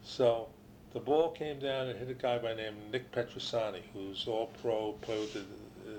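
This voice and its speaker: A man's voice: on the low side, fairly even intonation, moderate pace, darkish tone, a little hiss or hum. An older man, a former ballplayer, telling long anecdotes in a casual interview, with restarts and quoted voices.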